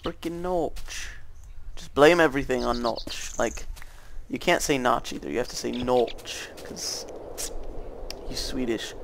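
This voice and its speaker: Rambling teenage boy with a gravelly voice. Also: mid-range voice, moderate pace, slight background noise. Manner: rambling, self-correcting, many fillers. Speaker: gaming channel host. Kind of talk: casual gameplay commentary.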